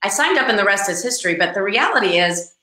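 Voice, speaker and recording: Speaking quickly in a mid-range voice, a middle-aged real estate agent shares an interview anecdote with lots of animation, playing out the people involved. There's a roomy echo around her.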